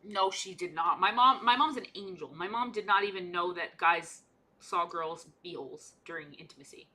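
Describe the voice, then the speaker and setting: A woman's voice: on the low side, moderate pace, bright, forceful tone. A young woman streamer in casual live-stream chat while painting miniatures, chatty and playful, often repeating herself.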